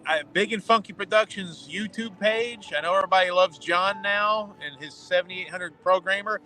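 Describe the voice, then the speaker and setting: A man's voice: high-pitched, normal speed, hardly any pauses, poor audio. Joking man calling in from outside. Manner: joking, animated storyteller. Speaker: podcast co-host. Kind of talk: casual chat. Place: outdoors in a city alley at night.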